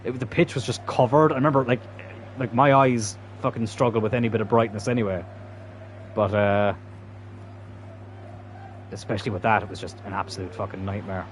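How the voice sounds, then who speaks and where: A man's voice: fairly low pitch, steady tone, fairly quick, long pauses, a little hiss or hum. A man giving casual, chatty commentary while playing a football video game, swearing freely. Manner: chatty, swearing, bursts into loud laughter. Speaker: gaming YouTuber.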